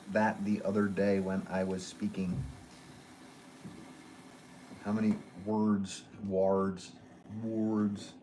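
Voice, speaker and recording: Low-voiced man chatting on a livestream. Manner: relaxed, rambling, chatty. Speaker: potter hosting a livestream. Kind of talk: casual live-stream chat reading comments. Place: pottery studio. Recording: noisy background.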